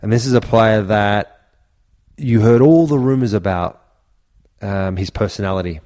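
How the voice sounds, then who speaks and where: Man, low voice, ex-footballer spinning yarns on a podcast. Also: moderate pace, darkish tone. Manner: anecdotal, acts out quotes with raised voice. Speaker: former footballer, podcast co-host. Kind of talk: casual storytelling chat.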